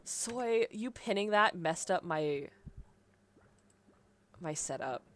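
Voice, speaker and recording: Young woman, live-stream gaming chat, rambling and giggly, bouncy pitch, bright tone. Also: expressive, slow pace, a little hiss or hum. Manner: chatty, rambling, laughs often.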